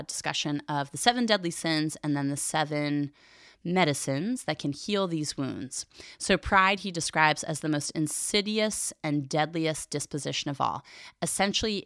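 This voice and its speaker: A woman's voice: low voice, creaky, a bit bright, no room sound, clean studio sound. A woman podcast host who teaches theology, reading a catechism aloud and explaining it earnestly, with frequent fillers and restarts.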